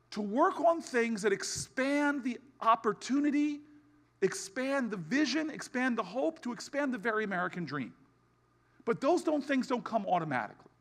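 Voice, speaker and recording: A man giving a keynote speech with a humorous storytelling streak, building to a rousing finish with shouted repetition. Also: very high-pitched. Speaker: keynote speaker.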